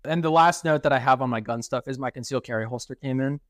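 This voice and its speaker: A man's voice: medium pitch, fast talker, fairly bright tone, no room sound, clean studio sound. A young man co-hosting a podcast, telling stories in casual chat, swearing freely and acting out what people said. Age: young adult. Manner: swears freely and acts out quoted dialogue. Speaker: podcast co-host.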